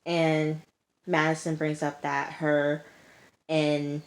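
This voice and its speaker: Speaking slowly in a low, monotone voice, a woman casually recaps and comments on a reality TV show. She's emphatic and repeats herself, leaning on "like" and "okay" a lot. She's indoors, and sirens can be heard outside.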